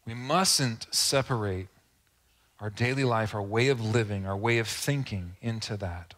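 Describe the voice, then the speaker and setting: A man's voice: lowish voice, measured pace, a bit bright. Earnest, conversational male preacher. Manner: conversational, earnest, with rhetorical asides to the congregation. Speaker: pastor. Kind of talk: sermon.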